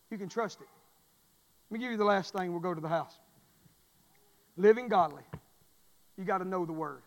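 A man preaching a folksy sermon, telling stories and rising into shouts. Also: high voice. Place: church sanctuary. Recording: long reverb of a church hall.

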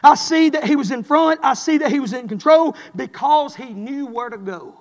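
A man preaches an impassioned sermon, circling back to his phrases again and again. His voice sits unusually high for a man. It carries through a church sanctuary with a long echo. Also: moderate pace. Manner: impassioned, repetitive preaching cadence. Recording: long hall reverb.

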